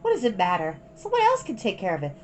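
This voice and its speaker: A woman's voice: medium pitch, wildly swooping pitch, fast, darkish tone, soft background music, voice pushed up. A woman voicing an eager older schoolgirl who talks in a coaxing way.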